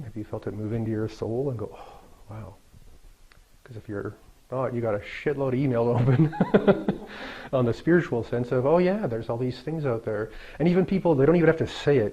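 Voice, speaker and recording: A man's voice: mid-range voice, dark tone. A middle-aged man teaching Daoist ideas to a small group in a loose, joking, conversational way, laughing often and using many fillers. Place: room with a live group. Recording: dull lo-fi recording.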